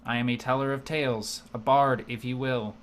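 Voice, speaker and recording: A man's voice: medium pitch, moderate pace, close to an everyday voice. A man voicing a dull male dwarf bard who speaks with no inflection or weight to his words. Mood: droning. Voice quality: flat, no inflection, droning.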